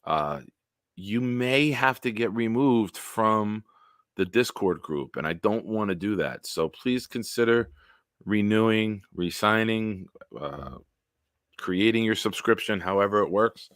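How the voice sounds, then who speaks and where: A man hosting a casual solo livestream, telling stories in a rambling, animated way with big swings in loudness. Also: fairly low pitch, a little slow, smooth, dry recording, studio quality. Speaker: livestream host.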